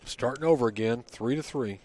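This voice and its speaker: A man giving low, calm play-by-play commentary on a pool match, recorded in a casino event hall. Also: a little fast.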